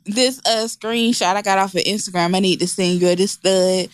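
A woman's voice: mid-range voice, steady tone, normal speed, no room sound, clean studio sound. Teasing woman, profane casual chatter. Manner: profane, teasing, laughs often. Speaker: podcast co-host. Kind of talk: casual podcast chat.

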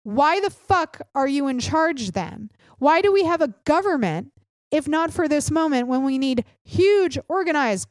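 A woman's voice: high voice, no room sound, studio quality. Blunt, profane woman podcaster. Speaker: podcast host. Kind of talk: opinionated political podcast rant.

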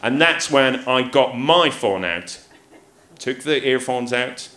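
A man tells comic stories on stage, his voice bright and ringing, swinging widely in pitch as he acts out the people in them. The sound echoes through a live theatre. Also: slow, a little hiss or hum. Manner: animated, acts out voices, laughs often. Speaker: comedian guest. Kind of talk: comic storytelling.

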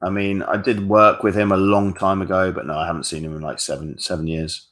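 Deep-voiced man, blunt casual coach. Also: level tone, brisk, fairly bright tone. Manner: casual, blunt and frank, swears freely. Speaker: dating coach. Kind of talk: live-stream Q&A, reading viewer questions.

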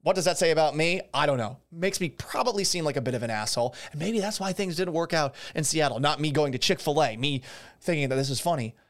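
A man's voice: on the high side, fast. A man hosting a solo sports podcast, sarcastic and swearing freely, often laughing at his own jokes. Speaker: podcast host. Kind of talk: casual solo sports talk.

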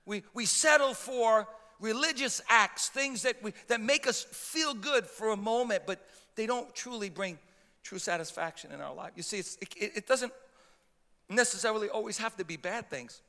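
High, bright-voiced pastor preaching in a reverberant hall. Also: male voice, expressive, normal speed. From Italian heritage. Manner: impassioned, repetitive stammering restarts. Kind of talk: sermon.

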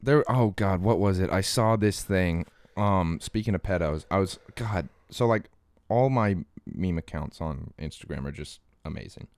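A man's voice: low voice, normal speed, a little mellow, no echo. A man co-hosting a crude comedy podcast, rambling and profane, often breaking into laughter. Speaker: podcast co-host.

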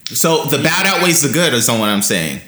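A man's voice: mid-range voice, very animated, moderate pace, bright, forceful tone, reverberant. A man co-hosting a casual podcast, blunt and dismissive, swearing freely as he trashes things and runs a quiz. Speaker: podcast co-host. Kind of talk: casual chat.

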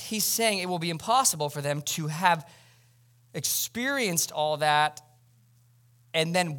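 A man's voice: fairly high pitch, fairly bright tone. A male pastor preaching a sermon at a church service in a conversational style, speaking directly to the congregation.

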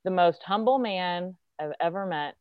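A woman's voice: on the low side, a little slow, smooth, dry recording, dull audio. A woman actress, a guest telling a casual, chatty story and acting out the quotes. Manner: chatty, lots of filler likes, acts out quotes.

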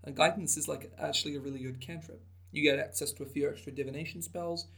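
A podcast co-host, a man with a fairly high, fairly even voice, talks fast with a creaky, fairly bright tone. He rambles through a casual chat about tabletop game content, full of fillers and restarts.

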